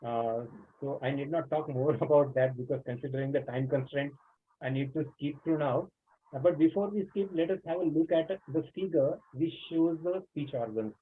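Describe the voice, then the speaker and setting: A man's voice: on the high side, normal speed, slight background noise. Man lecturing over a tinny call line. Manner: explanatory, frequent "uh" fillers. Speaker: teacher trainer. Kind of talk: webinar lecture. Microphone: video call. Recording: tinny phone-like online call audio.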